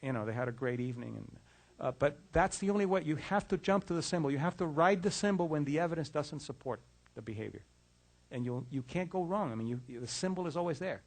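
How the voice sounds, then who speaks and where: A man's voice: a little high, lively intonation, quick pace, darkish tone. A middle-aged man giving a conversational lecture on relationships, often repeating words and restarting phrases as he tells case stories. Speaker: lecturer on mind-body health.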